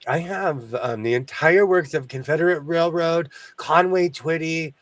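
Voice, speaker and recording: A man hosting a casual sewing chat, animated, breaking into song, who mentions a speech impediment. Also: fairly high pitch, unhurried, no room sound. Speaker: host.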